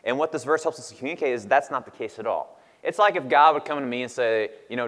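A man's voice: medium pitch, fast talker, fairly bright tone. A man in his thirties preaching a sermon in a casual, conversational way with frequent laughs. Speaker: pastor. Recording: long reverb of a hall.

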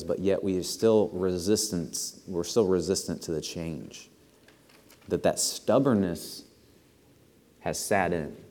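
A man delivering a sermon in a church sanctuary, his lowish voice carrying with a long, lingering reverb. He speaks earnestly and pushes into animated emphasis on his key points. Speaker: pastor.

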